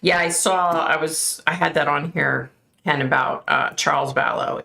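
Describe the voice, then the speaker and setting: A woman's voice: deep voice, unhurried, gravelly, bright, forceful tone. A woman hosting a casual livestream, chatting and reacting aloud to viewer comments. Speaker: livestream host.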